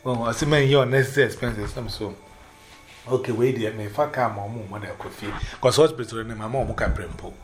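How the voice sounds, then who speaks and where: A man's voice: medium pitch, a little fast, soft background music. A man with a Ghanaian accent, casually telling a long personal story and switching between English and Twi, voicing others in raised tones. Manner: animated, quotes others in raised voices. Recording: roomy echo.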